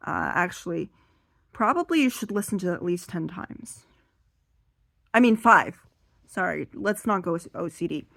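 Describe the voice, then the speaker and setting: A woman's voice: lowish voice, animated, normal speed, vocal fry, long pauses, a bit bright, no room sound, clean studio sound. A young woman with a slightly strained voice doing a seated stand-up monologue. She swears freely and acts out her relatives in quoted voices. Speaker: stand-up comedian.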